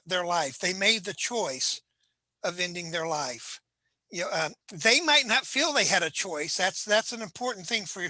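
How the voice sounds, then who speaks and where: Earnest suicide prevention trainer rambling gently thru advice, lots of "you know", dry close sound. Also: medium pitch, dry recording, low-quality recording. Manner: halting, earnest, full of "you know" asides. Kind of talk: unscripted advice video.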